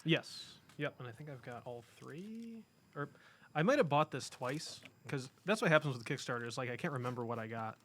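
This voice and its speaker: A man's voice: mid-range voice, animated, fairly quick, a bit bright. A man co-hosting a casual podcast in a comic shop, rambling and correcting himself as he talks about comics. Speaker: podcast co-host. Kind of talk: casual chat.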